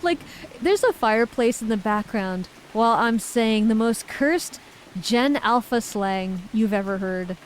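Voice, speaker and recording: A woman's voice: a little high, expressive, measured pace, slight background noise, poor audio. A woman streamer in casual chat, reading viewer messages aloud and giggling often.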